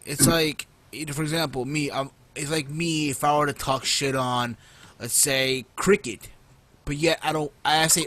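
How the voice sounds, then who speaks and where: A man's voice: on the high side, moderate pace, fairly bright tone. A man co-hosting an online live show, making his point in a laid-back, casual way with everyday examples. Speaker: podcast co-host.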